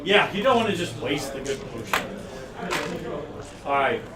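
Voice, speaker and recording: A man's voice: medium pitch, big pitch swings, normal speed, reverberant, recorded from a distance, a crowd in the background. A man narrating a tabletop game as dungeon master, loose and rambling, laughing often.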